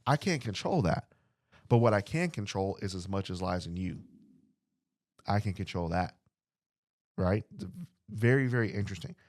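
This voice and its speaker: A man's voice: lowish voice, expressive, moderate pace, long pauses, a little mellow, dry recording, clean studio sound. A man preaching a podcast sermon in an earnest way, repeating phrases and putting questions to his listeners. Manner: acts out short dialogues.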